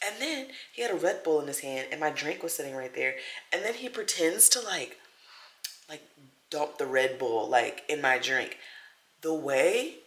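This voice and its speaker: A young woman vlogging at home, telling stories in a chatty, animated way and acting out what people said. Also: low-pitched, normal speed. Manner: chatty, animated, acts out quotes. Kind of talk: casual storytelling vlog. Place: home, small room. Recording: echoey room.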